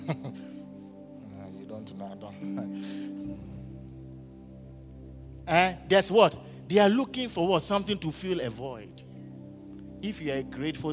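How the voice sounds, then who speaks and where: High-pitched man preaching, keeps asking the church questions, big hall echo, soft music behind. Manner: preaching with call-and-response questions to the congregation. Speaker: pastor. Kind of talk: sermon. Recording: hall reverb with faint music.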